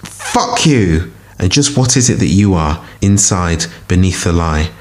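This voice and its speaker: A furious male shadow monster snarls and swears in a deep, harsh voice, put on by a man reading the story. He is a creature of darkness and menace in this audiobook tale. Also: animated, unhurried, slight background noise.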